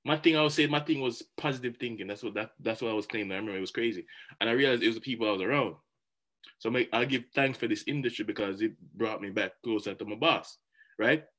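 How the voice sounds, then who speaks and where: A man giving a motivational talk, animated and chatty, often repeating words as he goes. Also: medium pitch, fast. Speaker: motivational speaker.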